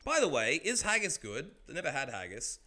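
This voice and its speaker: An Australian man rambles through a casual gaming stream, swearing freely. His voice is bright and forward, and his pitch leaps around excitably. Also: brisk. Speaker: game streamer chatting with viewers. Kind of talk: casual chat while gaming.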